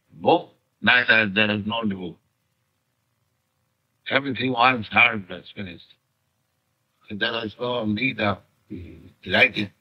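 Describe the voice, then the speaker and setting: An older man from India with an Indian accent lectures on scripture in slow, deliberate phrases full of pauses, on an archival 1960s lecture tape. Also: lowish voice, no echo, highs cut off. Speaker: spiritual teacher.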